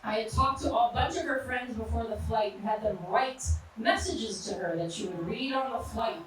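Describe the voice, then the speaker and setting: A woman's voice: a little high, animated, normal speed, heavy reverb, distant mic, a little hiss or hum, low-quality recording. A woman in her thirties performing a brash, punchy stand-up set in a live comedy club. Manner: brash, punchy storytelling with crude jokes.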